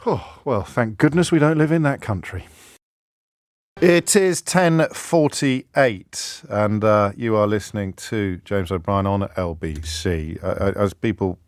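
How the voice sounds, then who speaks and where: A man's voice: lowish voice, no echo, studio quality. A man with a British accent hosting a radio show, delivering a mocking, sarcastic monologue that keeps building with incredulous emphasis. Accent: British English. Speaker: radio phone-in host. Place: radio studio. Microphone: studio microphone.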